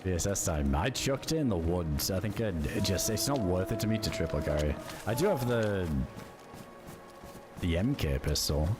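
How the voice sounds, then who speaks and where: A man's voice: low voice, lively intonation, normal speed, music in the background. A young man streaming a survival game, chatting casually with viewers, reading chat aloud and swearing offhandedly. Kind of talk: casual live-stream chat while gaming.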